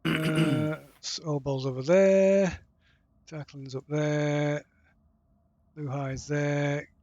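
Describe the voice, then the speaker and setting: Slow talking gm guy, kinda high voice, lots of uhs, dry sound. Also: fairly even intonation, a little mellow, no room sound. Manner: halting, many fillers and restarts. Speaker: game master. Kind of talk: narrating a tabletop game.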